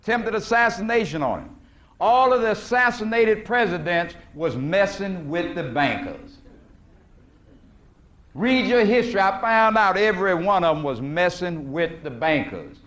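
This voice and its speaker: High-voiced man lecturing with a preacher's call-and-response. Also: expressive, measured pace, a bit bright. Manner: preacherly, asks the audience questions and answers them himself; retells film scenes with quoted voices, stretching words for emphasis. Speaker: guest lecturer. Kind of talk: lecture to a live audience. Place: lecture hall at a conference.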